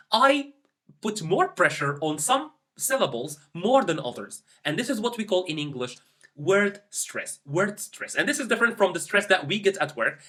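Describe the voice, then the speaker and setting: A man's voice: high voice, sharp tone. A man teaching English pronunciation to camera, encouraging and demonstrative as he talks learners through exercises. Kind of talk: instructional talk to camera.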